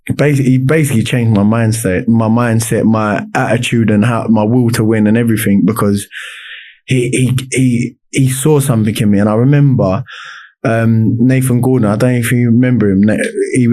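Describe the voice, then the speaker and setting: A man's voice: on the low side, darkish tone. A man, a podcast guest telling his life story in casual talk, with many restarts and fillers.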